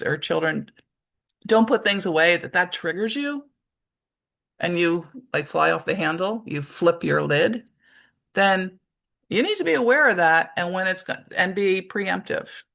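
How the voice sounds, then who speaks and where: Middle-aged lady giving a parenting talk, low gravelly voice, chatty, lots of ums. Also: expressive, moderate pace, a bit bright. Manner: conversational, with many fillers and acted-out examples. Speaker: parenting workshop presenter. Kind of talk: informal presentation talk.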